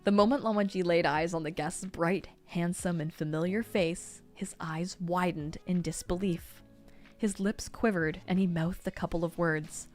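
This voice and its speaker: Woman streamer reading a novel out loud, lowish voice, soft music in the back. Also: normal speed. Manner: expressive reading, breaks into laughter. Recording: faint music behind.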